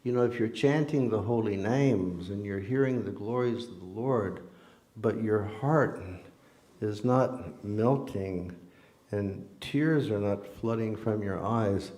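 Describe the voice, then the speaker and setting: A man preaches informally, mixing story and scripture in a conversational, earnest way. His voice sits low with a warm, mellow color. The sound carries the echo of a large temple hall. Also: slow. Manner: conversational, earnest, with ordinary fillers. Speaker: devotional speaker. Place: temple hall during a festival. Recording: echoey hall.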